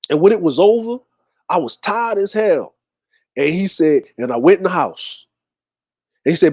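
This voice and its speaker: A man in his forties tells a story from his youth in an animated, conversational way. His voice is high for a man, and the sound is dry and close. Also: moderate pace, pauses often, husky, no room sound. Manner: animated, conversational retelling with quoted dialogue. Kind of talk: personal storytelling.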